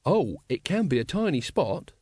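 A man's voice: fairly high pitch, sing-song, moderate pace, a little mellow, husky, no room sound, clean studio sound. A man reading aloud, voicing an eager, helpful and loyal young recruit.

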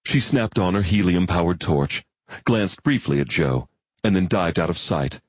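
A man narrating an audiobook in a measured storytelling manner. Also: deep voice, expressive, husky, no room sound. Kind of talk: scripted narration.

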